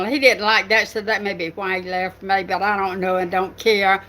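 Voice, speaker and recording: A woman's voice: mid-range voice, steady tone, moderate pace, few pauses, pushed and bright. An older woman with a Southern US accent, hosting her writing channel in a chatty, rambling live stream with lots of fillers. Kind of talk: casual live stream chat.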